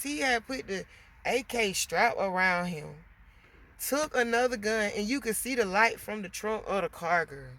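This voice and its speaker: A woman vlogger venting a storytime, animated and swearing, talking straight to her viewers. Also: fairly high pitch, a little hiss or hum. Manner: animated, swearing, addresses viewers as girl and y'all.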